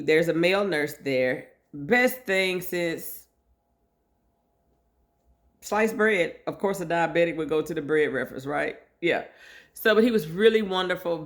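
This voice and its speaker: A middle-aged woman telling a personal story in a casual, lively way, acting out the voices of the people she quotes. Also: lowish voice, measured pace. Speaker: vlogger sharing her story.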